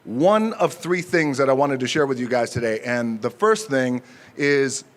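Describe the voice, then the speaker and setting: A man in his forties giving an unscripted acceptance speech at an outdoor ceremony, joking and pausing often with fillers. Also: medium pitch, expressive. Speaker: speaker at an outdoor honor ceremony.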